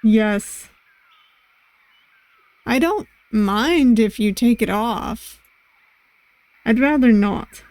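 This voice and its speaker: A woman voicing a shy, reserved masked ship's doctor in an amateur Russian accent, speaking formally and haltingly. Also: fairly high pitch, darkish tone, no room sound, poor audio.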